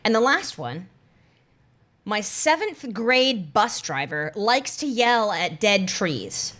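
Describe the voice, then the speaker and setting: A woman co-hosting a podcast who runs a quiz game, reading prompts deadpan and laughing often in casual banter. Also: medium pitch, slow. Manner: giggly, reads prompts deadpan then laughs.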